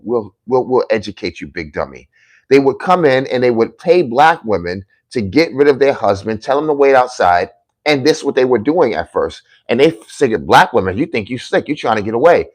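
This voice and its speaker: Combative man scolding his critics. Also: medium pitch. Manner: repetitive emphatic lists. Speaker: political commentator. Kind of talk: livestream commentary reading viewer comments.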